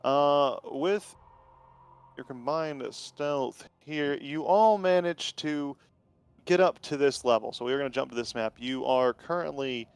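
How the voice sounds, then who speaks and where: Clear-voiced man running a tabletop game. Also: mid-range voice, dry recording. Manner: casual, halting with fillers. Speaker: game master.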